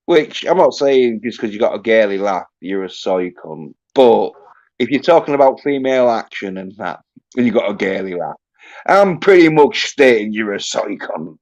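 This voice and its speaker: A man's voice: fairly low pitch, big pitch swings, normal speed. A man hosting a livestream, ranting in a crude, swear-filled, rambling way. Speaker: livestream host. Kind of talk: casual livestream rant. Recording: dull lo-fi audio.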